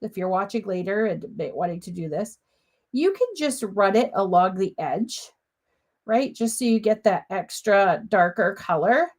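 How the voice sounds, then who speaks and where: A woman's voice: medium pitch, animated, normal speed. A middle-aged woman demonstrating papercrafts live from her home craft room, talking in a chatty, bubbly way, a little sniffly with a cough.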